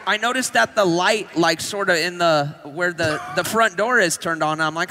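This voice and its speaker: Brief: giggly male podcast co-host, high and bright, stop-start storytelling. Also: moderate pace. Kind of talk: live comedy podcast banter. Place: live stage before an audience.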